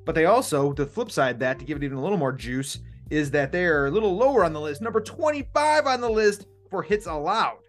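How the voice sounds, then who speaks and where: An excitable man hosts a sports betting chat with a lot of hammy energy, now and then dropping a mild curse. His voice sits a little high for a man. Faint music runs in the background. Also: fast talker, few pauses. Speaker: podcast host.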